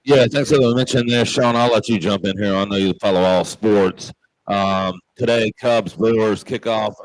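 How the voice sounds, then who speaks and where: A man from Memphis with a Southern accent, a pub owner and show host, rambling through stories with plenty of pauses and fillers. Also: lowish voice, fairly even intonation, a little hiss or hum, rough recording. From Memphis, Tennessee. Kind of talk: casual chat.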